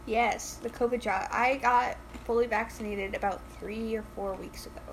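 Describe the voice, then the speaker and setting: A teenage girl co-hosting a casual podcast, loud, teasing and quick to laugh. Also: a little high, steady tone, slight background noise, rough recording. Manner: giggly, loud, quick to tease. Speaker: podcast co-host. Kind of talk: casual chat.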